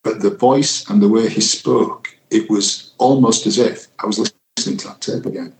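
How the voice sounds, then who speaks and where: A man in his sixties, a retired senior detective, recalling a case in a reflective, halting interview manner, acting out what people said. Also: lowish voice, creaky, darkish tone, slight background noise. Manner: reflective, halting with fillers, reenacts quotes. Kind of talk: interview recollection. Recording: echoey room.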